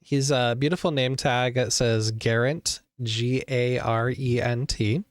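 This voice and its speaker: A man runs a tabletop game and describes scenes at an easy pace. His voice sits in the middle and sounds smooth. The recording is dry and close. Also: medium pitch, no room sound. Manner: relaxed, unhurried scene description. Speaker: game master.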